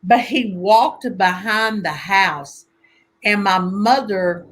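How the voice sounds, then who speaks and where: A woman telling family stories in a casual conversation, animated and laughing often as she acts out voices. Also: medium pitch, takes it slowly. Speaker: guest conjure teacher.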